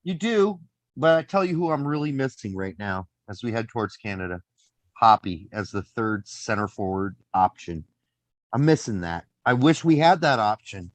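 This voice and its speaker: Animated, lively-voiced podcast co-host. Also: male voice, lowish voice, moderate pace, no echo. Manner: animated, swears freely, laughs often. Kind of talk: casual soccer podcast chat.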